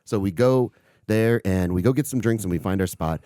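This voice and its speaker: Man, low voice, casual podcast storytelling, animated, swears, dry close sound. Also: normal speed, no echo. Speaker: podcast co-host.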